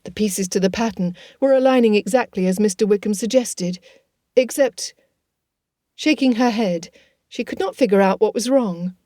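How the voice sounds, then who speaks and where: A woman narrating a novel as an audiobook, reading in a measured, expressive way. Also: medium pitch, no echo, studio quality. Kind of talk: scripted narration.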